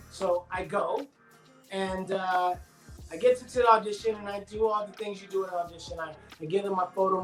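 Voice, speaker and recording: A middle-aged man, an actor and guest on a live-stream interview, who tells stories in a lively casual way and acts out the dialogue of the people in them, heard over a video call. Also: high-pitched, echoey room, low-quality recording.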